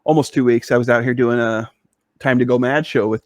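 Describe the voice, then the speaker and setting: A man's voice: medium pitch, fairly even intonation, brisk, no echo. Male podcast co-host, casual rambling storyteller, dry close-miked sound. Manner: rambling, with many fillers and restarts.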